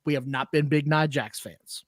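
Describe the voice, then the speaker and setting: Podcast co-host, male, high bright voice, blunt ranting delivery, dry close sound. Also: fairly even intonation, normal speed, dry recording. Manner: blunt, exasperated rants with profanity. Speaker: podcast co-host reviewing wrestling. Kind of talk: casual chat.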